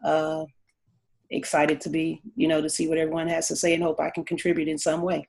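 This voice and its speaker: A woman instructional coach introducing herself in a measured, modest way over a video call. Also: sits low, completely flat delivery, creaky, a little mellow, breathy edge.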